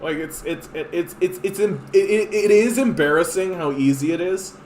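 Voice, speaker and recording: A man's voice: sits high, normal speed. A man hosting a political podcast, ranting casually with exasperation and frequent swearing. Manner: animated and exasperated, swears often, frequent fillers. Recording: echoey room, faint hiss.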